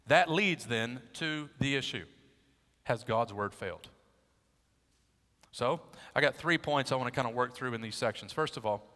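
Preaching an expository sermon, a man teaches with emphasis and throws rhetorical questions at his audience. His mid-range voice is a bit bright, and the sound carries long hall reverb.

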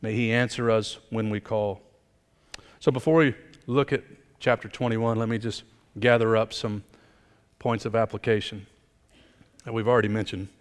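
A middle-aged man preaching a sermon as pastor, swinging from emphatic rises down to quiet, low appeals. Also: steady tone, moderate pace, long pauses. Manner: emphatic preaching, building up and then dropping low. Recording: long hall reverb.

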